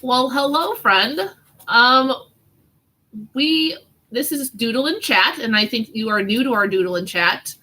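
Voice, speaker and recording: A woman's voice: fairly high pitch, measured pace, bright, forceful tone, rough recording. A woman hosting a casual live doodling chat, teasing her kid and reading out viewer comments as she draws. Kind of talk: casual live-stream chat while drawing.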